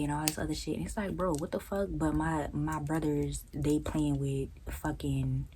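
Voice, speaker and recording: A young woman vlogging close to the mic, ranting casually in a blunt, profane, animated way. Her voice sits low and mellow, and it jumps into high incredulous tones now and then. A faint hiss runs under her speech. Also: normal speed, low-quality recording. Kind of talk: casual storytelling rant.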